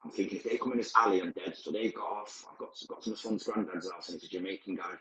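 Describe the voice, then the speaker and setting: A man's voice: low-pitched, quick pace, roomy sound, a loud crowd, rough recording. A man, a podcast guest, recounting his past in a candid, vivid, blunt present-tense way. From Manchester, England. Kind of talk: personal storytelling.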